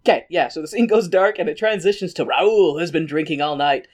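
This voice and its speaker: A man co-hosting a podcast, recapping a story in a casual comedic way with a slightly raspy throat, swearing freely and slipping into quick put-on voices. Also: on the high side. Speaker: podcast co-host.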